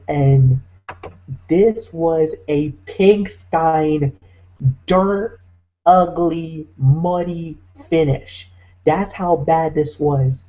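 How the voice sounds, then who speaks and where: A man's voice: fairly high pitch, lo-fi sound. A man co-hosting a wrestling podcast, ranting in a heated, exasperated way. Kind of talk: ranting commentary.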